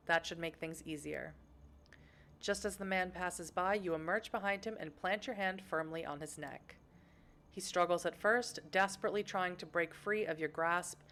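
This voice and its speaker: A woman's voice: mid-range voice, a bit bright. A young woman streaming a narrative game, reading its text aloud and chatting with her viewers between passages.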